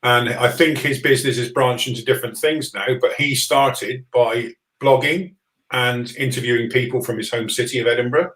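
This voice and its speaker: A man who is a livestream guest, telling a story in a measured, hesitant way. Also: medium pitch, fairly bright tone, reverberant, rough recording. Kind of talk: casual livestream chat.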